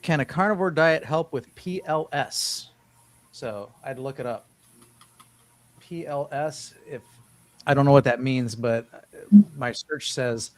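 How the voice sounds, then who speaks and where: A man hosting a casual live-stream panel, talking loosely with frequent restarts. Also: mid-range voice. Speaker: host of a diet livestream panel.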